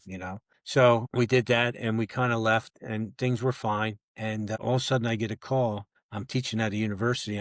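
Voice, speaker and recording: On a podcast, an older retired federal agent with a voice on the low side relaxes into a long story, acting out both sides of conversations from years back. There's no echo, and it sounds studio quality.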